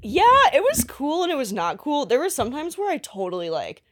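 A young woman from Canada guesting on a podcast, talking loosely and full of fillers. Her pitch rises and falls freely, and she laughs often as she tells her stories. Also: sing-song, brisk, a little mellow. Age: 20s. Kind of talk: casual chat.

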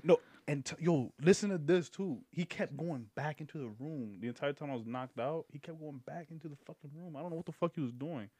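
A man's voice: on the high side, fairly quick, hardly any pauses, mellow, breathy edge, dry recording. A young man on a podcast telling a long, profane story in a rambling, casual way, breaking into laughter now and then. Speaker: podcast guest.

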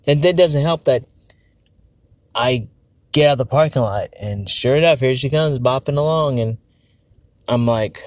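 A man's voice: medium pitch, unhurried, pauses often, no room sound. Guy venting on his podcast, rambly and cussing a lot, keeps restarting his sentences, sounds on edge. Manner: rambling, frank, profane, self-correcting. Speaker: podcast host. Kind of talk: casual personal monologue.

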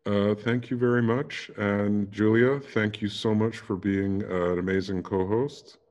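A man's voice: lowish voice, fairly even intonation, unhurried, a little mellow. A man hosting a podcast, joking around while thanking and wrapping up with his guest. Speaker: podcast host. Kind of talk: casual chat.

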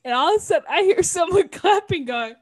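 A woman's voice: very high-pitched, lively intonation, quick pace, a little mellow, a little hiss or hum. A young woman in college telling an embarrassing story in casual chat, laughing often as she talks. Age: young adult. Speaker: podcast co-host.

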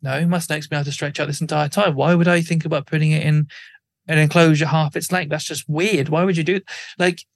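A man's voice: fairly high pitch, fairly even intonation, a little fast, gravelly, no room sound. A man talking casually as a podcast guest, rambling with lots of fillers and acting out what other people would say. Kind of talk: casual chat.

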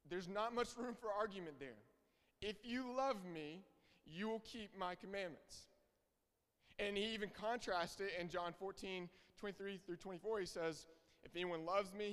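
High-voiced young preacher in a reverberant hall. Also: male voice, a bit bright, smooth. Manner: earnest, emphatic, repeats key phrases. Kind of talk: sermon. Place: church hall.

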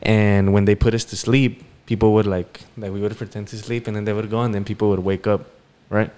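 A man co-hosting a podcast, telling a story in a relaxed, rambling way with many fillers. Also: lowish voice, fairly quick, clear, resonant tone. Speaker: podcast co-host. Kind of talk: casual storytelling chat.

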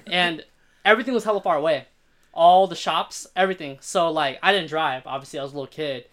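Man hosting a podcast, from norcal, bright sound, rambly and laughing a lot, slangy. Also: a little high, fast. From Northern California. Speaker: podcast host. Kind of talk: casual podcast chat.

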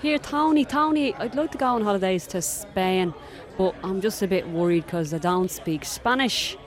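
A woman voicing a Dublin man nervous about a holiday abroad, in a Dublin accent and speaking loud and slow. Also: medium pitch, a faint crowd, natural voice. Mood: earnest. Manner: loud, slow, over-careful speech.

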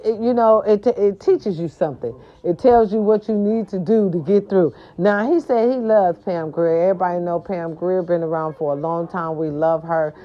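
A woman hosting her own show, chatting casually and sassily about celebrity gossip with slangy asides. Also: on the low side. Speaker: host. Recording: dull lo-fi sound with faint music.

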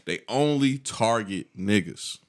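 A man's voice: lowish voice, animated, slow. A young man, telling a story in emphatic, slangy casual chat. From Augusta area, US South. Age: 20s.

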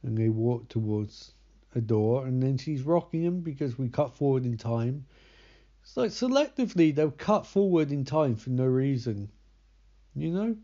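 A man's voice: mid-range voice, animated, normal speed, warm tone. A young man recapping a movie in casual, sardonic commentary. He swears often and keeps losing track of the characters' names. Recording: slightly dull lo-fi recording.

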